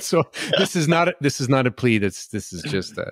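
A man's voice: mid-range voice, sing-song, fairly quick, slightly rough, no echo, clean studio sound. A male podcast host opening the show, hesitant and self-deprecating, with many fillers. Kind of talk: show intro and plug.

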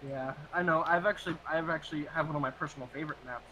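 A man's voice: a little high, steady tone, very fast. A teenage boy chatting casually online, curious and talkative, on a noisy home mic. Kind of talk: casual online group chat.

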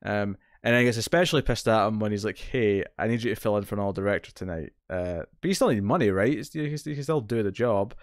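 A man's voice: fairly low pitch, fast, few pauses, dry recording, studio quality. Rambling British man recapping TV. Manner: rambling, restarts a lot, recaps the plot in detail. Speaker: podcast co-host. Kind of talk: casual TV recap discussion.

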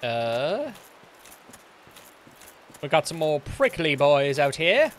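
A man streams a game with loose, joking commentary, cursing freely in a put-on British accent. His voice sits a little high and swings widely in pitch. Faint game sounds play behind him. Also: sing-song, takes it slowly, a little hiss or hum. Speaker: streamer playing a video game. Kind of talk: live gameplay commentary.

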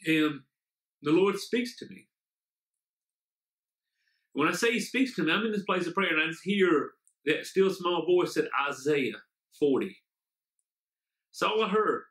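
A man's voice: a little high, lively intonation, measured pace, pauses often, fairly bright tone. A man, a pastor, preaching an online sermon and praying, fervent and often repeating amen and hallelujah. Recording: echoey room.

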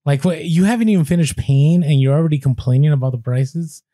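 Man telling a lively story, dry sound. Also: a little high, fast talker, no room sound. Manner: animated anecdote telling with quoted voices and restarts. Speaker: podcast co-host. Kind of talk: casual podcast storytelling.

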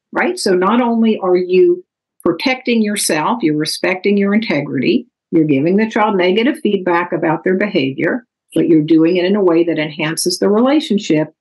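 Calm, measured woman teaching. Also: lowish voice, husky, poor audio. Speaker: author presenting her parenting book. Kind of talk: recorded talk explaining parenting strategies.

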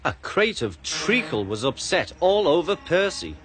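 Lively British man reading a children's story. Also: fairly high pitch, unhurried.

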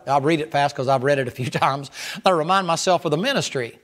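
A man preaching a sermon as pastor, impassioned and rising to high, loud stretches. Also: quick pace.

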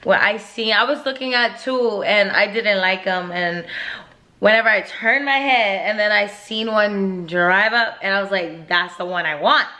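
A woman in her twenties chatting excitedly and nervously in a casual vlog. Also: medium pitch, measured pace. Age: 20s. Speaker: vlogger.

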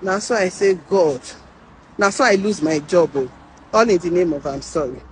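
A woman's voice: lowish voice, moderate pace, slight background noise, low-quality recording. A Nigerian woman with a Nigerian accent, casually telling a personal work story in a mix of Pidgin and English, acting out the people she quotes. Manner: animated, mimics voices in quotes. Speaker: nurse sharing her story.

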